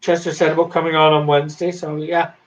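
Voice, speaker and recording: A man's voice: fairly high pitch, little pitch movement, fast talker, dull audio. A Canadian man chatting casually about creating his comic hero, rambling with many fillers and hesitations. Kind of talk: casual chat.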